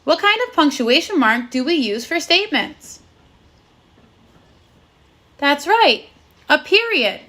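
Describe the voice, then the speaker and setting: A woman teaching phonics to first graders in a video lesson. Her voice sits high and sounds bright and clear. She talks slowly and cheerfully, with sing-song praise for the children. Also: very animated.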